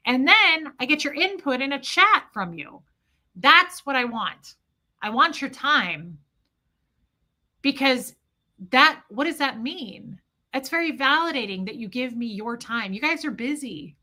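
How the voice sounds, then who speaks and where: Casting note: woman livestream host, impassioned monologue, bright and fairly high voice. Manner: impassioned, swings between yelling and quiet reflection.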